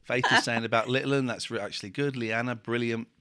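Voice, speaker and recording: A man's voice: mid-range voice, fairly even intonation, fast, sharp tone, clean tone. A man hosting a casual late-night stream, reading out viewer comments with wry asides. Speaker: stream host.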